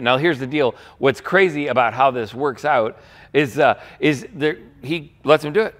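Man, pastor, sermon, animated storytelling, acts out quotes. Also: medium pitch, moderate pace.

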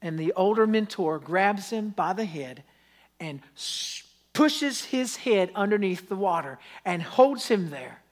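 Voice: mid-range voice, measured pace. Pastor preaching. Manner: storytelling with lively acted quotes and pleading questions. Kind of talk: sermon.

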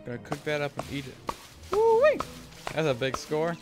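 A man casually talking through his gameplay as a streamer, rambling and thinking aloud, with sudden excited whoops. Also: on the high side, moderate pace. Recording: game music playing under the voice. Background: game music.

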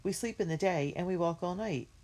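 A woman voicing a sensible, motherly older girl with a practical, even manner, in a storybook reading. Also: fairly low pitch, brisk, voice pushed up.

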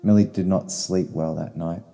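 A man reading a short story in slow, solemn narration. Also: low voice, steady tone, vocal fry, warm tone. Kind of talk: scripted narration. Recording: long reverb, faint guitar music.

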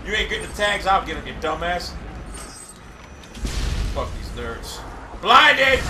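A man commentating his own gameplay live, cursing and boasting, often breaking into frustrated shouting. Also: sits high, big pitch swings, unhurried, pauses often. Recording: echoey room, distant mic, faint hiss.

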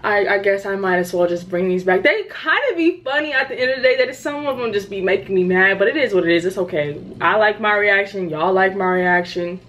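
A woman's voice: mid-range voice, expressive, a little fast, few pauses, a bit bright, a little hiss or hum. A young woman hosting a reaction channel, chatting casually with sassy, incredulous asides.

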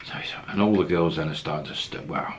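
A man's voice: rumbling low, fast, a little hiss or hum. A man casually telling a travel story, acting out the quoted lines as he goes. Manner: anecdotal, acts out quoted lines, chuckles.

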